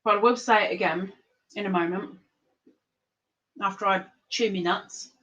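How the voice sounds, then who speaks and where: A woman's voice: medium pitch, fairly even intonation, moderate pace, a bit bright, muffled recording. Chatty woman hosting a stream game. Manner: chatty, talks with her mouth full while eating. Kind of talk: casual live-stream chat.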